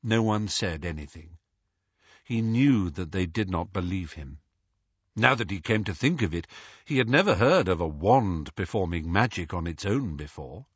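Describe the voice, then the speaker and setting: A man reading an audiobook in a measured, expressive way. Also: sits low, breathy edge, no room sound, lo-fi sound. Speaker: audiobook narrator. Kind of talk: audiobook narration.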